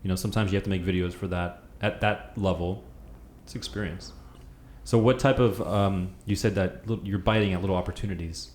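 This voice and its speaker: Podcast host: man, lowish voice, easygoing interviewer, roomy echoey recording. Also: steady tone, brisk, a little mellow. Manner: easygoing, prompting questions. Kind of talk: casual interview. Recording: echoey room with faint noise.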